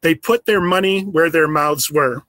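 A man with a rather high voice, recorded close and dry. He delivers a prepared speech in an earnest storytelling tone, slowing down to stress key phrases. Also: pushed and bright, dry recording. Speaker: business owner giving an awards speech.

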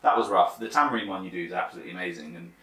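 A man chatting casually as a guest, telling stories with animated energy and a fair bit of swearing. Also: sits low, rapid-fire, a loud crowd. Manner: swears freely, animated storytelling. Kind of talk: casual chat. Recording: echoey room, mic at a distance.

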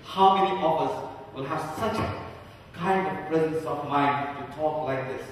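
A man's voice: fairly high pitch, unhurried. A male pastor giving a sermon, telling a story earnestly and building to fervent emphasis. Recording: echoey hall from far off.

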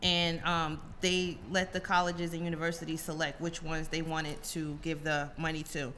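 A woman co-hosting a casual group podcast chat, telling stories in an animated way. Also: sits low, moderate pace, slight background noise. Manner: animated storyteller, mimics people. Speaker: podcast co-host.

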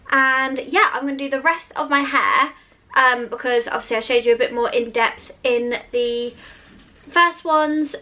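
Young woman, bubbly and chatty, laughs a lot; beauty vlog tutorial read with a crisp, bright tone. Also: sits high. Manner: chatty, giggly, lots of fillers. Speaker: beauty vlogger. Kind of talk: casual hair tutorial and Q&A.

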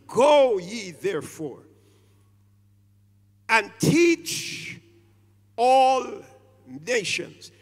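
A man preaching a sermon in a church, hitting single words hard and stretching phrases, and calling on the congregation to answer. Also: sits high. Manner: preaching with sudden loud stressed words and drawn-out phrases; calls on the congregation to respond. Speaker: pastor. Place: church sanctuary. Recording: reverberant church hall.

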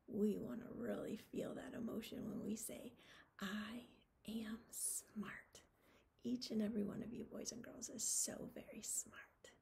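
Lady teacher talking to little kids, soft and patient, bit of vocal fry, some hiss in the background. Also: a little high. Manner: gentle, patient, encouraging, speaks simply to small children. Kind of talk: morning meeting lesson for young children.

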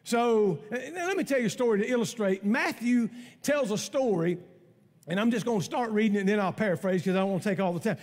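A man's voice: sits high, a little fast, a little mellow. A middle-aged man preaching a sermon in a church, folksy and emphatic in his conversational style. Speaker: pastor. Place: church sanctuary. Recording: long church hall reverb.

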